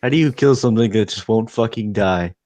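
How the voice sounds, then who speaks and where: A man's voice: lowish voice, fairly quick, a little mellow. A man chatting casually as a player in a tabletop game, laughing and swearing freely.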